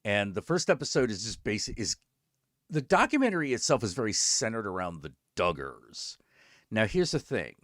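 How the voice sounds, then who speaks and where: Hosting his own stream in a lowish voice at normal speed, a man chats and tells a story, profane and animated, performing both sides of the conversations himself. The recording is studio quality with no echo.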